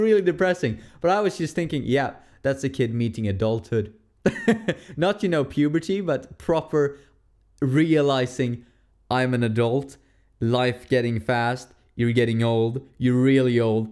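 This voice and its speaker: A man's voice: medium pitch, darkish tone. Give me a man hosting a casual podcast review who rambles and corrects himself. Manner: rambling, self-correcting, laughs often. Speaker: podcast host. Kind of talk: casual solo film review.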